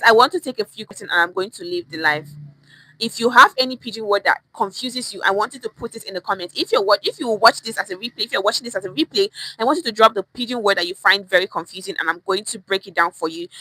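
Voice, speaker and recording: A young Nigerian woman with a Nigerian accent teaching Pidgin English on a livestream, animated and repeating phrases to show tone. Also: mid-range voice, low-quality recording. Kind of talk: livestream lesson.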